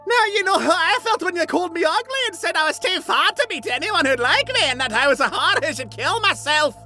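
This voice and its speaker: A weepy, self-pitying teenage killer girl with a piercing, very high voice that whines through every line in over-the-top melodrama, as a man puts her on in falsetto. The tone is bright and cutting, with faint music underneath. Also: animated, fairly quick, exaggerated voice. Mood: whiny melodrama.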